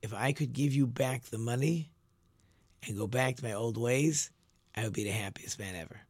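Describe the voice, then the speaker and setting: A flustered, humble poor man, as a man puts him on, speaks softly and haltingly with nervous restarts. The sound is dry and close. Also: mid-range voice, slightly rough, dry recording. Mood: humble, apologetic.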